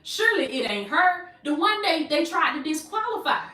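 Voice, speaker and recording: High, bright woman preacher, call-and-response delivery, a bit off-mic in an echoey room. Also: sing-song, normal speed, distant mic. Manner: call-and-response, repeats phrases, calls listeners baby. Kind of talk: preaching motivational sermon.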